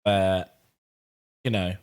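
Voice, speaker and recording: A man co-hosting a casual podcast, a little hoarse as he loses his voice, laid-back and self-mocking with quick laughs. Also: low-pitched, flat delivery. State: slightly hoarse, losing his voice. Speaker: podcast co-host. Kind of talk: casual chat.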